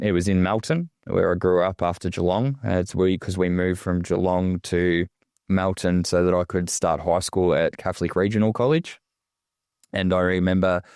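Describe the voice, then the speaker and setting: An Australian man telling a painful personal story as a podcast guest, halting and swearing often. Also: sits low, a little mellow, smooth, no echo, studio quality. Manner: raw, halting, heavy swearing. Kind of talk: emotional personal testimony.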